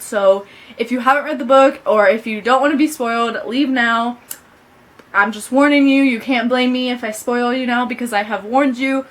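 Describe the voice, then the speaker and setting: A woman's voice: on the high side, a bit bright. A young woman chatting casually about a book she loved, gushing and saying "like" a lot. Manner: gushing, says "like" often. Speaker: book vlogger. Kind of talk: casual book review chat.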